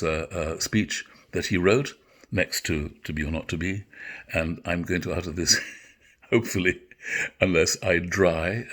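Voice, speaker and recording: An older man giving a literature lecture, reflective and halting, often correcting himself. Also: low-pitched, fairly bright tone. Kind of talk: literature lecture with recited verse.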